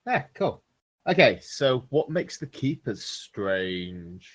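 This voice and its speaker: A man's voice: medium pitch, very animated, takes it slowly. A man talking as a player in a casual podcast chat, hesitant and stammering at the start of his sentences.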